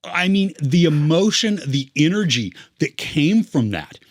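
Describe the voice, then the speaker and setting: A man's voice: fairly high pitch, very animated, a little slow, dry recording, studio quality. Earnest rambling man on a movie podcast. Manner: earnest, rambling, many fillers. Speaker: podcast co-host. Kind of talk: casual movie review chat.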